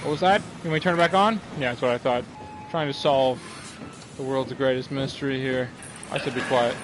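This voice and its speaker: A man's voice: medium pitch, normal speed, noisy background. Joking young man playing a game. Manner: joking, talks to game characters. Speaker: gaming streamer. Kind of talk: let's play commentary.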